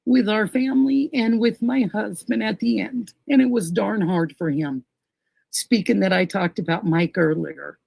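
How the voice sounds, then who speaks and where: Casting: middle-aged woman, streamer host, gravelly and unhurried, sentimental and chatty, dry close mic. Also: mid-range voice, darkish tone, dry recording, low-quality recording. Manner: gushing, emotional, thanks viewers by name. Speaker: livestream host. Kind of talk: casual livestream chat reading viewer comments.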